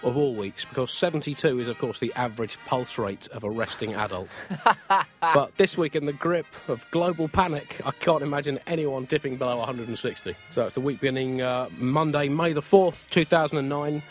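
A man's voice: medium pitch, fairly quick, soft background music. A man co-hosting a comic podcast, delivering jokes in a dry, mock-grandiose way. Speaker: podcast co-host.

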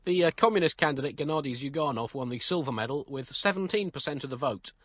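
A man co-hosting a comedy podcast, reading jokes in a deadpan, mock-solemn way and bantering. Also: on the high side, fast, no echo. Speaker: co-host.

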